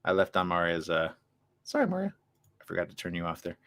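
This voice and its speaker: A man hosting a live radio morning show, chatting casually in an animated, joking, rambling way from the studio. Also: low-pitched, fast talker.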